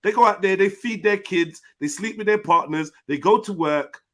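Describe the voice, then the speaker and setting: A man's voice: sits high, moderate pace, a bit bright. A man hosting a heated online panel, blunt and slangy with plenty of swearing. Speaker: panel host.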